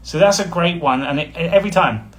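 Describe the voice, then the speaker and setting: A man's voice: a little high, brisk. A man, a spiritual coach talking casually on a live stream, rambling and blunt, with frequent chuckles. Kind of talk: casual livestream talk.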